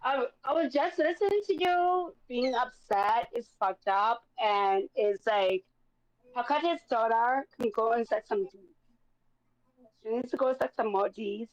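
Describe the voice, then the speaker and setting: A woman from South Africa with a South African accent, talking slowly and crudely on a livestream panel. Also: fairly high pitch, dry recording. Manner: slow, drawling, crude. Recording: dull dry lo-fi audio.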